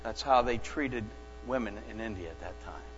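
A man preaching a sermon as a pastor, telling stories slowly and earnestly with dramatic pauses. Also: lowish voice. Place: church sanctuary. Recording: dull lo-fi church recording with long reverb and mains hum.

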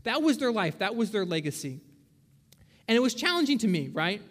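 A man's voice: sits high, very animated, a little fast, a bit bright. A young man preaching a sermon, chatty and conversational, often checking in with "right?". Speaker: pastor. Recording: long hall reverb.

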